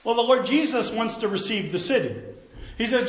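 High-voiced preacher in an echoey hall. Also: male voice, brisk. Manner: folksy, animated storytelling with asides. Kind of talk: sermon.

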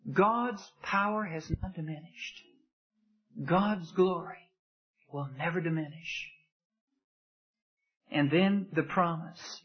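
A man preaching a sermon with impassioned rhetorical questions, swinging between loud emphasis and hushed asides. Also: fairly high pitch, highs cut off.

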